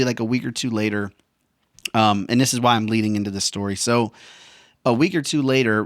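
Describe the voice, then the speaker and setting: A man's voice: medium pitch, fairly bright tone, no echo. Slangy man telling a story, dry sound. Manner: slangy and profane, says bro and man. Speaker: veteran vlogger. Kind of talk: casual storytelling monologue.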